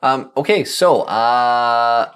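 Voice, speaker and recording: A man co-hosting a casual podcast, easygoing and quick to laugh as he asks for ratings. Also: mid-range voice, fairly bright tone, clean tone. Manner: easygoing, laughs often, leads the segments. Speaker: podcast co-host asking for ratings. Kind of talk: casual chat.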